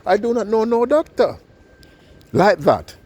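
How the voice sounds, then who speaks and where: A poor elderly woman pleads in a raised, strained voice, insisting she has nothing to pay with. A man puts her on while telling a street story, lifting his voice high above his normal pitch. The delivery is plain and heartfelt rather than theatrical. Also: sing-song, a little slow, dark tone, exaggerated voice. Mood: pleading.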